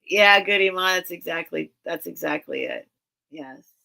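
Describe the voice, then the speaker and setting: A woman's voice: lowish voice, wildly swooping pitch, measured pace, gravelly, pushed and bright. A woman hosting a casual livestream sale, chatting with viewers in a rambling, earnest way with many restarts. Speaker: livestream seller and host.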